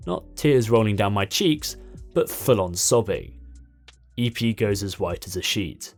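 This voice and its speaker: Male narrator, lower voice, lively story delivery, soft music under him. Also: a little slow. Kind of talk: reading a story aloud.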